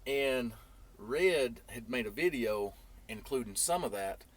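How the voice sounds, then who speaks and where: A man telling a long story casually in a vlog, rambling, and getting animated when he quotes others. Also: mid-range voice, slow pace. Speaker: trucking YouTuber.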